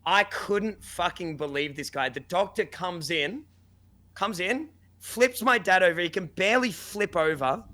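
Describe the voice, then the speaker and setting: A man's voice: sits high, unhurried, bright, forceful tone. A young man telling a story in casual chat, acting out quotes with lots of swearing and laughter. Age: young adult. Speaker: podcast guest.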